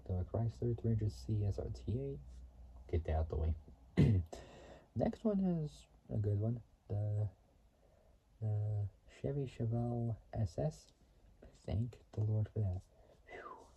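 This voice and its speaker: A man's voice: on the low side, mellow, lo-fi sound, a little hiss or hum. A man casually talking through a racing game's trivia, rambling and often restarting or correcting himself mid-sentence. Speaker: gaming video host. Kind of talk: casual game commentary.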